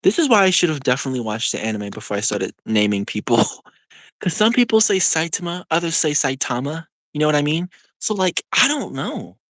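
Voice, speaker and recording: Lively rambling young streamer, dry sound. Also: medium pitch, no room sound. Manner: rambling, full of "like" and quick laughs. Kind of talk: casual live-stream chat, answering viewers.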